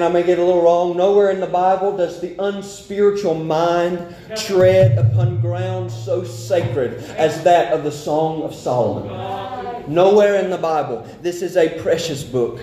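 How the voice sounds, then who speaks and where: A man preaching a sermon, fervent and a little out of breath, reading scripture slowly. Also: sits high, fairly even intonation, dark tone. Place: church sanctuary. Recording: echoey church with congregation.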